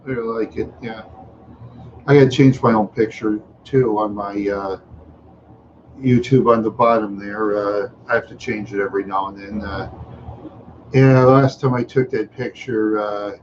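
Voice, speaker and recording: A man's voice: lowish voice, fairly even intonation, a little slow, muffled recording, a little hiss or hum. A tired, yawning man hosting a casual livestream chat, rambling along with many fillers and trailing asides. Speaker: livestream host.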